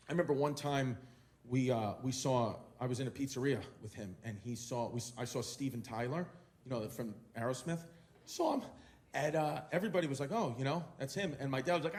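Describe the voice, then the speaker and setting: A male stand-up comedian telling a story with exasperated, loud outbursts. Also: mid-range voice, lively intonation, brisk.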